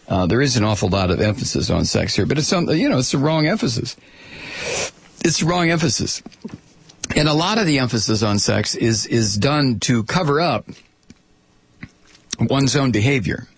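A man's voice: medium pitch, creaky, breathy edge, no room sound. A man hosting a talk radio show, delivering a sarcastic, combative opinion monologue.

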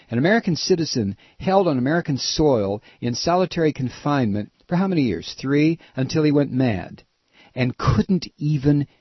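Ranting, husky-voiced male radio host. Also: mid-range voice, animated, moderate pace, no room sound, dull audio. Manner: ranting, sarcastic, profane. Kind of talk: angry political talk radio.

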